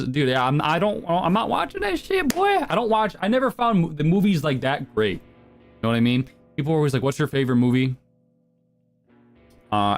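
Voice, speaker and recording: A young man live streaming, answering chat with crude, provocative, slang-heavy banter. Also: a little high.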